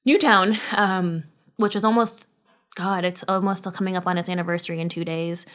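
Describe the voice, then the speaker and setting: A woman's voice: fairly low pitch, fairly even intonation, moderate pace, fairly bright tone, smooth. Emotional woman from Connecticut. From Connecticut, USA. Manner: emotional, swearing freely. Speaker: podcast co-host. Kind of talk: casual chat.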